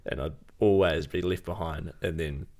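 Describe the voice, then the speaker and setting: Gravelly, deep-voiced New guy. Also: normal speed. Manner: laid-back storytelling, swears, often trails off quietly. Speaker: podcast guest. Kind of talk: casual chat.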